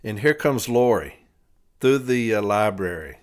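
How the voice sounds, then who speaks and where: A man's voice: lowish voice, expressive, unhurried. A man hosting a podcast, telling a long rambling story in a casual way, laughing between phrases and swearing freely. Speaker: podcast host.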